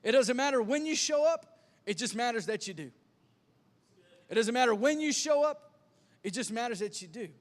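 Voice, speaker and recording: A man's voice: very high voice, big-room sound. A man preaching a sermon as pastor, telling self-deprecating stories with lots of stammered restarts. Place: church sanctuary.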